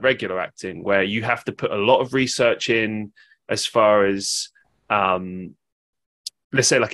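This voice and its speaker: A man's voice: lowish voice, bright, forceful tone. A man with an English accent hosting a podcast, chatting casually and rambling with lots of fillers and restarts. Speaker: podcast host. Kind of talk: casual interview chat.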